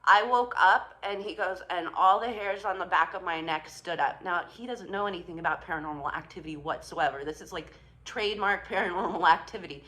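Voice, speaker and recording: Bright-voiced woman telling a story. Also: lowish voice, brisk, hardly any pauses. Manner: chatty, swears, quotes her partner, laughs often. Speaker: spiritual vlogger. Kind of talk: casual storytelling to camera.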